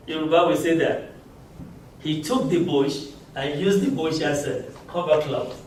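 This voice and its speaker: A man teaching a language class, giving slow, patient explanations and chuckling often. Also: a little high, a little hiss or hum. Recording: very echoey room, mic far off.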